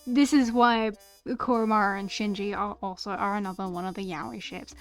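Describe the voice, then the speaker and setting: A woman's voice: medium pitch, steady tone, normal speed, soft background music. A young woman streamer chatting casually and gushing about favorite characters, stammering and repeating words often.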